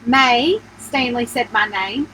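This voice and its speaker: A woman author reads her own novel aloud at home, a bedtime story told in an animated first-person voice. Her pitch sits high and swings widely, with a bright, forward tone. A faint background hiss lies beneath the reading. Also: moderate pace, poor audio. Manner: animated first-person narration, voicing the heroine with feeling.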